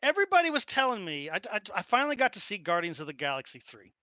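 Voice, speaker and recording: A man narrates a tabletop game and rants casually between scenes, animated and quick to swear. His voice sits high and bright. The sound is dry and close to the mic. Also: dry recording. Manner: animated, excitable, swears freely. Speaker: game master.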